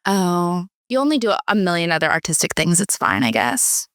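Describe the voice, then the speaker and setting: A woman hosting a casual interview, talking in a playful, teasing and animated way. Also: on the low side, moderate pace, dry recording, clean studio sound. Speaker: podcast host.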